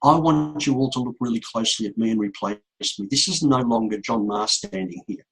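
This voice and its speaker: A middle-aged man, a motivational speaker, telling a painful story to an audience in a slow, repetitive way with emphatic pauses. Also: mid-range voice, husky, low-quality recording. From Australia. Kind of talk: emotional speech to an audience.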